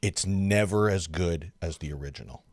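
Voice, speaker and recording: Deep-voiced male livestream host. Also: moderate pace, noisy background. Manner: relaxed, chatty, many fillers. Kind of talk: casual livestream interview.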